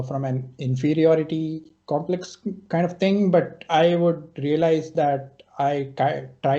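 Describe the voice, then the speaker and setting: Man, podcast host, slightly high voice, halting delivery. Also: warm tone. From India. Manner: hesitant, many fillers and repeated words. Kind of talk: casual chat. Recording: dull, lo-fi sound.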